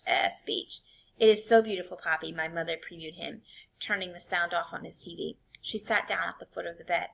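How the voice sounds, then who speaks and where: A woman reading a novel aloud in an expressive way, shifting between quiet and intense passages. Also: medium pitch, creaky. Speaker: reader.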